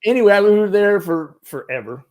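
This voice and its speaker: A middle-aged man, a former Marine, tells animated stories in a casual interview, laughing often and restarting his sentences. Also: high voice, a little fast. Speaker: guest, former Marine turned film military advisor.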